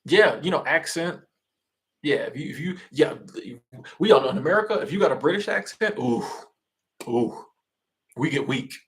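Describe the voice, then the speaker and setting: A man's voice: a little high, animated, a little fast, a bit bright. A man from Florida, hosting a casual livestream and answering chat in a loose, rambling way full of restarts.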